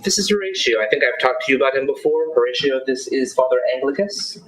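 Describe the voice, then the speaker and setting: A man's voice: mid-range voice, fast talker, noisy background, natural voice. A man playing Anthony, a sheepish young guy.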